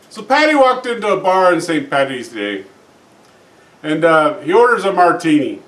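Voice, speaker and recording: A man's voice: sing-song, moderate pace, a bit bright. Joke-telling man, casual, filler-heavy, echoey room, distant mic. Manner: folksy, frequent "uh" fillers, acts out characters with raised pitch. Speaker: joke teller. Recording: roomy echo, distant from mic.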